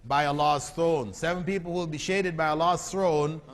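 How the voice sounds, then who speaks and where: A man's voice: a little high, fairly even intonation, normal speed. A man giving a religious lecture to a live audience, often quizzing the listeners with repeated questions. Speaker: Islamic lecturer. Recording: long hall reverb.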